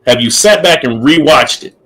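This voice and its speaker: A middle-aged man with a fairly high speaking voice, talking through his opinions on a casual podcast. He circles back on his points, repeats himself and laughs easily. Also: animated, moderate pace, fairly bright tone, rough recording. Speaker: podcast co-host. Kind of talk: casual chat.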